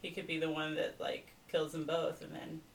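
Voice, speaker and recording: A woman's voice: low voice, completely flat delivery, normal speed, a little hiss or hum. A woman discussing a TV show in casual chat, thinking through her theories.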